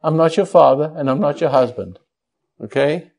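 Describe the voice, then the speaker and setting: A man's voice: fairly high pitch, normal speed, vocal fry, darkish tone. An older man counseling a caller, blunt and teasing. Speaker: spiritual teacher answering a caller. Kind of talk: counseling on air.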